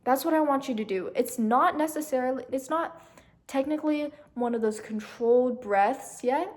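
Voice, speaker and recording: A soft-spoken young woman who hosts a meditation channel leads a guided session in a slightly high voice. When she walks the listener through breathing, her pace eases and her tone becomes softer.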